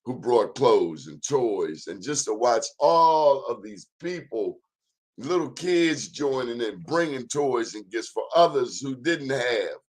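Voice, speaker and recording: Male talk host, middle-pitched voice, folksy and preachy, hits his points hard. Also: big pitch swings, takes it slowly, a little mellow. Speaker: show host. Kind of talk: talk show monologue.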